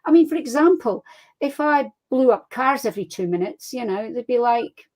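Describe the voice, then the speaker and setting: A woman with a Scottish accent, a crime fiction author chatting as an interview guest, telling lively anecdotes and laughing easily. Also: on the high side, normal speed, poor audio. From Scotland. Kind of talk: casual interview chat.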